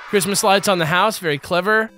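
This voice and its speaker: A man's voice: high-pitched, brisk, pushed and bright. A man co-hosting a gameplay video with playful, teasing banter. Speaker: let's play co-host. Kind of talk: casual gameplay commentary. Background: faint game music.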